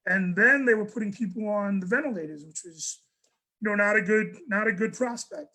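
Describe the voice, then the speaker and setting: A man, a guest on a panel, telling a personal story in an animated way, often restarting and repeating words. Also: high-pitched, fairly quick, low-quality recording. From New York. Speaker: guest speaker.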